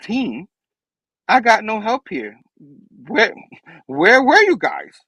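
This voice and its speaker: A man's voice: sits high, huge pitch swings, takes it slowly, sharp tone, breathy edge, dry recording, voice pushed up, exaggerated voice, poor audio. A man voicing an exasperated young female superhero who complains in a raised, indignant voice.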